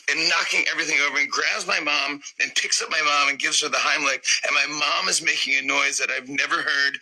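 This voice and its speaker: Middle-aged male comedian guest, bright tone, animated storytelling with acted-out voices, interview chat. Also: fairly high pitch, quick pace, hardly any pauses, rough recording.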